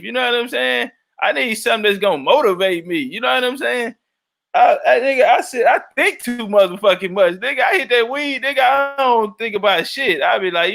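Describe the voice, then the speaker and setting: Male livestream host, profane rambler, reads the chat aloud, high and bright. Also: lively intonation, brisk, vocal fry.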